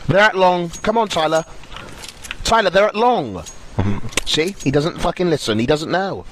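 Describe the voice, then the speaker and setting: A young man with a high, bouncy voice trash-talks through a shooter match, loud and swearing, often breaking into shouts. His stream mic sounds noisy, with a steady hiss under his voice. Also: a little slow. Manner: loud, taunting, profane, bursts into shouting. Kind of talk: casual gaming banter.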